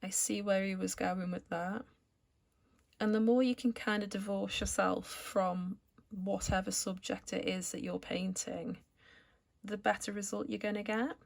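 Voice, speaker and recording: A woman calmly explaining each step of a watercolour painting as she works, as an art tutor. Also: mid-range voice, unhurried, creaky. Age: adult, returned to art after school years. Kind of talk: painting tutorial narration while working.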